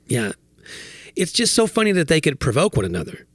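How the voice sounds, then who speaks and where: A man co-hosting a podcast in casual chat, animated and quick to laugh. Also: a little high, breathy edge, no room sound, clean studio sound. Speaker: podcast co-host.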